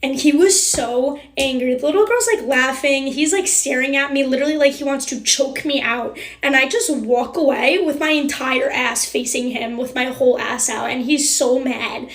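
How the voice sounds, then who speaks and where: A woman's voice: high voice, normal speed, hardly any pauses. A young woman telling a brash, defiant storytime into her phone. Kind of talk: casual storytime. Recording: echoey room.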